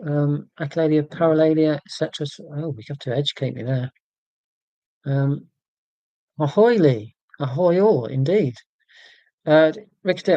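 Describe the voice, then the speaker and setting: A man in his forties with an English accent from near London, hosting a casual livestream and answering viewer comments in a monotone, deliberately clear way. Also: a little high, dry recording, rough recording. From England, near London. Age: 40s. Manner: monotone, careful and deliberate about being clear. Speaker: livestream host.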